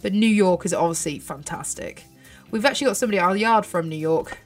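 A woman's voice: fairly low pitch, quick pace, soft background music. A 30-year-old British woman chatting through gameplay as a host, bubbly and thinking aloud, with little gasps and squeals. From United Kingdom. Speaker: gaming channel host. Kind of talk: casual gameplay commentary.

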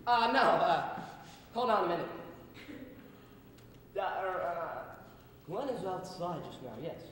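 A teenage boy in a school play, acting a flustered middle-aged man who keeps answering the phone in a hushed voice. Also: high voice, animated, takes it slowly, exaggerated voice. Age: teens. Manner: exasperated, then hushed on the phone. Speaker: student actor in a school play. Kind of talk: amateur stage acting. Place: large school auditorium stage. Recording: echoey school auditorium from far off, noisy.

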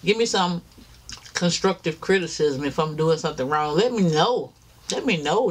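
Animated and slightly rough, his voice sits on the high side at a moderate pace. He's a tired mukbang vlogger eating and chatting casually, chewing between lines and calling viewers y'all.

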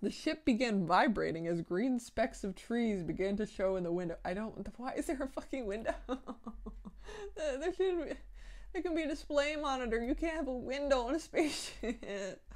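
A woman hosting a casual podcast, reading her old fan fiction aloud and breaking off into swearing, mock-outraged asides and laughter at her own writing. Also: fairly high pitch. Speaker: podcast host.

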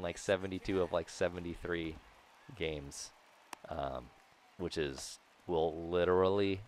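A young man rambling and joking to viewers while commentating a video game he is playing. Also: low voice. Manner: rambling, jokey, talks to viewers; bursts into loud shouting at big plays. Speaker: gaming video host. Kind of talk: casual gameplay commentary.

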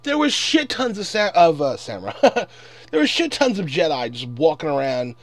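A man's voice: sits high, very animated, a little fast, no room sound. A man in his twenties ranting angrily and profanely in a casual commentary. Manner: angry, profane, exasperated. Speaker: vlogger.

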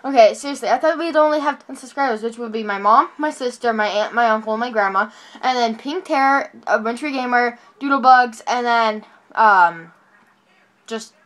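A woman vlogging casually from her bed at home into a phone, talking excitedly and rambling, correcting herself as she goes. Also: on the high side, moderate pace. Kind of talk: casual vlog talking to camera. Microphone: phone camera.

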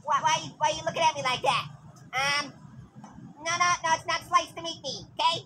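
A gaming YouTuber giving goofy, joking let's play commentary with squealing excited outbursts. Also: high-pitched, fast, slight background noise. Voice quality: goofy and jokey.

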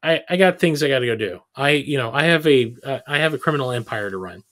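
A man's voice: medium pitch, animated, fast, a bit bright, voice pushed down, natural voice. A man voicing a scheming male crime boss colonel in an offhand, dismissive tone while retelling a film.

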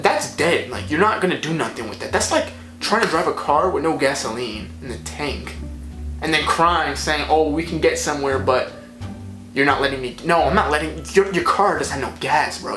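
A young man telling a storytime vlog story in a rambling, animated way, full of fillers. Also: fairly high pitch. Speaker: vlogger. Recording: echoey room, faint music.

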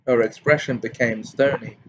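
A man narrating a fantasy audiobook in a steady reading voice. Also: medium pitch, normal speed, muffled recording, a little hiss or hum. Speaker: amateur audiobook reader.

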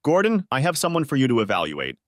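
A man's voice: medium pitch, huge pitch swings, fast, no echo, clean studio sound. A man voicing a friendly business contact with a helpful, matter-of-fact manner.

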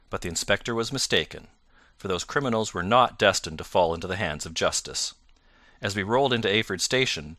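A man reading a classic story aloud as an audiobook narrator, his voice fairly low but bright and forceful. He keeps a steady, clear storytelling pace. The recording is close and dry with no room sound. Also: dry recording. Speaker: audiobook reader. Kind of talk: scripted narration.

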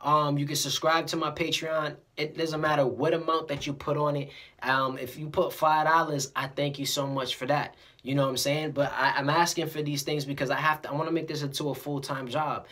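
A motivational vlogger talking casually to the camera, animated and preachy, repeating words and acting out little scenes. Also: medium pitch, brisk.

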